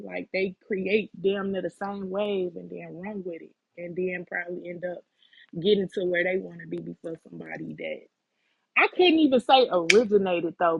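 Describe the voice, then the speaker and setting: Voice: medium pitch, gravelly, husky, no echo, dull audio. An interview guest, talking casually and thoughtfully with lots of "like" and "um". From Chicago. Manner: thoughtful and hesitant, many "like" and "um".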